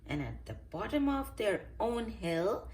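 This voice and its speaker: A woman reading a picture book aloud to children with gentle, expressive storytelling. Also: mid-range voice, unhurried.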